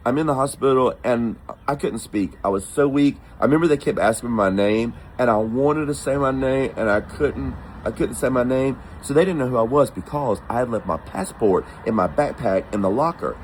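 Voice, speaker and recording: A mid-range male voice narrates a personal travel story in a casual, animated way, acting out the quoted voices. The recording is rough and carries a little hiss or hum.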